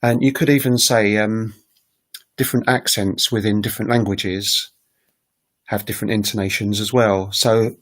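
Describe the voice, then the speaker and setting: A man's voice: on the low side, fairly even intonation, moderate pace. A man hosting a casual language-learning livestream. He thinks aloud with frequent ums and makes self-deprecating asides. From United Kingdom. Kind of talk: casual solo livestream talk.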